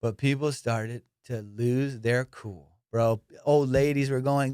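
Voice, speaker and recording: A young man, a comedian hosting his podcast, telling a profane, animated story. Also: mid-range voice, measured pace, hardly any pauses, clear, resonant tone, dry recording, clean studio sound. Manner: profane, animated, acts out voices. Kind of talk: casual storytelling.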